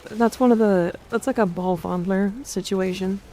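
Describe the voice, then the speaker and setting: A woman streamer chatting casually while gaming, crude and excitable, swearing freely. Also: medium pitch, normal speed.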